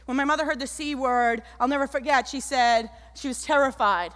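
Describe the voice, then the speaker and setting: A woman giving an animated keynote talk on stage, telling stories and acting out the people in them. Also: sits high, brisk. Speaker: keynote speaker. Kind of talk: motivational stage talk with storytelling. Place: large auditorium stage. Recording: echoey auditorium.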